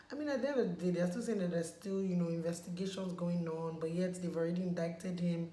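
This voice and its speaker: A woman from Nigeria talks casually in a makeup-removal vlog, repeating words for stress in an emphatic, pleading way. Her voice is lowish and dark, and she speaks fairly quickly with hardly any pauses. The recording picks up room echo and faint background noise.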